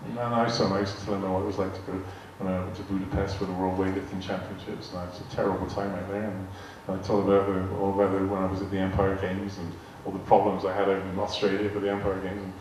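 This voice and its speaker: A man's voice: deep voice, completely flat delivery, quick pace, few pauses, a little mellow. An older man telling rambling anecdotes to a live audience, often repeating words and acting out quoted dialogue. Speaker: guest speaker telling anecdotes. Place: large arts hall. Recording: echoey hall, distant mic, faint noise. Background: audience laughter.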